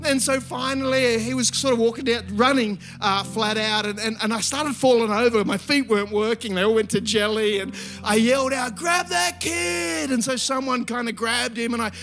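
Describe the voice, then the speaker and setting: A high-voiced pastor in his fifties delivers a sermon, telling a story with animated energy and praying with quiet earnestness. Soft instrumental music plays faintly behind him. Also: normal speed, hardly any pauses. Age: 50s.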